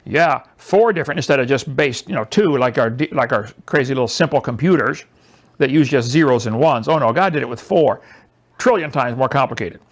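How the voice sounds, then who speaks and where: A man lecturing a small audience, sarcastic and mocking, with an animated, emphatic delivery. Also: mid-range voice, a little fast. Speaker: presenter.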